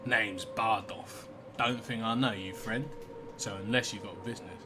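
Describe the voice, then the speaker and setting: A man voicing a sly, menacing male fixer in a video game, low and quiet. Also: fairly even intonation, moderate pace, background noise, natural voice. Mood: curt.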